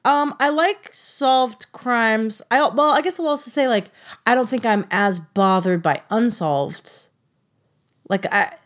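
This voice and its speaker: Young female co-host, animated pitch, teasing banter, laughs mid-line. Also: slow. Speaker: podcast co-host. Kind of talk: casual chat.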